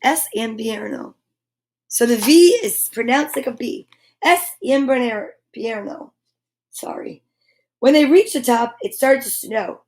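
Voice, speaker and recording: A woman reading a children's picture book aloud, animated and chatty, breaking off for little asides to her listeners. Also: sits high, normal speed.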